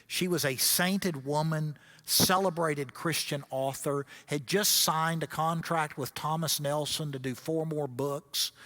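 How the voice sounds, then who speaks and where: Middle-aged male guest lecturer, bright voice, storytelling with dry humor. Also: a little high. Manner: storytelling with wry asides. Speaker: guest speaker at a grief seminar. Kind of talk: seminar lecture.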